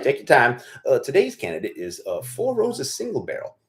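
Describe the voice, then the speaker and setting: A hoarse male farmer hosting a casual livestream Q&A, blunt and profane, rambling with lots of fillers. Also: mid-range voice, huge pitch swings, moderate pace, few pauses. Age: adult with children. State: losing his voice, hoarse.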